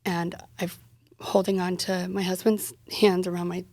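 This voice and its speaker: A woman's voice: fairly low pitch, little pitch movement, moderate pace, darkish tone, no echo. A woman guest on an interview podcast, candidly retelling a personal story and quoting the dialogue in it.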